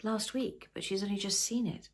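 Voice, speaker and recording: A woman's voice: mid-range voice, steady tone, normal speed, pitched above the performer's own voice, close to an everyday voice. A woman reading the lines of a troubled young mother in a storybook, rueful and wry. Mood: shaken. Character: troubled young mother, estranged from her family.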